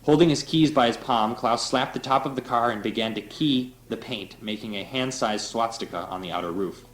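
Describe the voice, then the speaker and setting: A man's voice: medium pitch, normal speed, poor audio. Man reading a novel aloud, loose and laughing. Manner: loose, laughing, with offhand asides. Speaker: reader.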